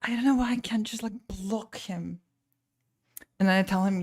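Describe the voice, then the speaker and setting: A woman's voice: mid-range voice, normal speed, long pauses, darkish tone. A woman streamer and painter chatting casually and venting with frustration, full of restarts and trailing thoughts. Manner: rambling and exasperated, many restarts. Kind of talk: casual live-stream chat.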